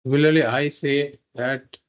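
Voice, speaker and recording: A man's voice: medium pitch, fairly even intonation, moderate pace, muffled recording. A man teaching a spiritual philosophy class, explaining patiently and repeating points through simple examples. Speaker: Vedanta teacher.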